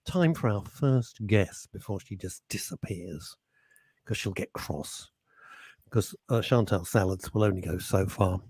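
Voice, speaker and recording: A man's voice: sits low, unhurried, darkish tone, husky, no echo, clean studio sound. A man hosting a radio chat show, joking and teasing his co-host and guest.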